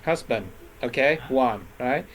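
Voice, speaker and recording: A man's voice: medium pitch, animated, slow pace, a bit bright, slight background noise. A man teaching an English lesson on word stress, patiently checking in with his class after each point. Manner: patient, constantly checks in with "right?" and "okay?".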